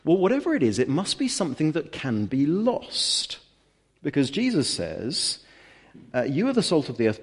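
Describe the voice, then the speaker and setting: A man delivers a church sermon in a mid-pitched voice, explaining scripture earnestly. He leans on rhetorical questions and emphatic repetition as he teaches. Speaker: preacher.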